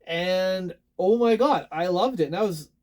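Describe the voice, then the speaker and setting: Speaking in a high, slightly mellow voice at an unhurried pace, a married adult collector casually shows off his newest finds. His talk rambles, with frequent restarts and self-mocking humor.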